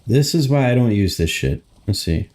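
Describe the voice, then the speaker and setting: A man's voice: lowish voice, animated, normal speed, darkish tone. A young man live streaming from a room in his home, chatting casually, grumbling to himself and swearing often.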